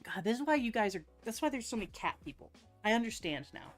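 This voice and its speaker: A woman hosting a relaxed live stream, chatting straight to her viewers. She laughs often, and her fairly high voice swoops up and down a lot. Soft music plays faintly behind her. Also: quick pace. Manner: giggly, breaks into laughter often. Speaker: live-stream host painting nails. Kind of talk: casual live-stream chat.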